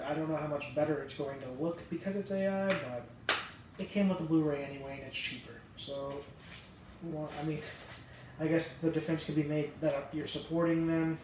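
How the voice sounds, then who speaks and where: A young man talks through his movie haul in a loose, rambling way, swearing often and poking fun at himself. His voice sits a little high and sounds far from the mic. The room is very echoey, with faint noise underneath. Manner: rambling, profane, self-deprecating. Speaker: vlogger showing a movie haul. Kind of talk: casual haul chat.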